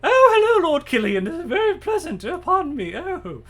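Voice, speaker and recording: A fluttery noblewoman guest gasps her polite greetings in a high, bright voice , as a man puts her on. She sounds loud and flustered at the supper table in a spoken tabletop game. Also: huge pitch swings, normal speed, heavily acted. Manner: fluttery and polite, gasping little exclamations.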